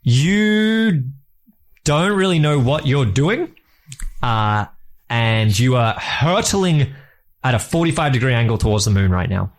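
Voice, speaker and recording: A man running a tabletop game as game master, describing scenes in a rambling, halting way with fillers. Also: medium pitch, very animated.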